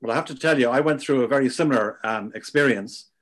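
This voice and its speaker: A man's voice: mid-range voice, quick pace. A man hosting an interview, affable and given to telling anecdotes. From Ireland. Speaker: podcast host. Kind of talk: casual interview chat.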